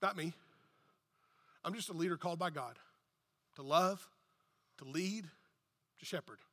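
A man's voice: high voice, unhurried, sharp tone, big-room sound. A man preaching a sermon as pastor, emphatic and repetitive, swelling and dropping in intensity. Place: church hall.

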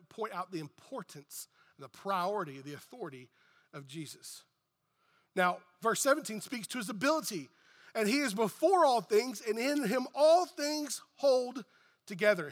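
Pastor, man, high and bright, emphatic sermon delivery, long church-hall echo. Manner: emphatic, repetitive preaching with rising and falling intensity.

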